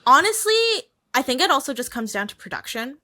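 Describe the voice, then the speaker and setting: A woman guest on a podcast, chatting in an animated, slangy way and laughing often. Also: on the high side, fast talker. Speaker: guest, brand marketing manager. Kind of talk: casual chat.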